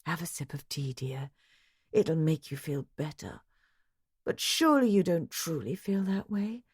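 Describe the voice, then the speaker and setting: A woman narrator gives voice to a composed society lady who soothes a weeping friend with gentle, refined phrasing. The voice stays low and even. It is an audiobook reading. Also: unhurried, husky, dry recording, clean studio sound, heavily acted. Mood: soothing.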